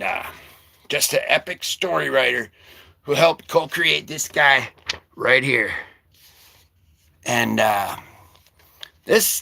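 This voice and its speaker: A man hosting a casual comic-book vlog, rambling and joking with sudden shouted bursts. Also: fairly high pitch, creaky.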